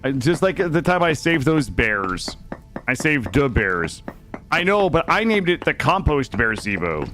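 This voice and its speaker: Hyped streamer guy, voice jumps all over, jokey and defensive with chat, quiet music underneath. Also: mid-range voice, measured pace. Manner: excitable, jokey, defensive with chat, yelps and laughs. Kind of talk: live gameplay commentary.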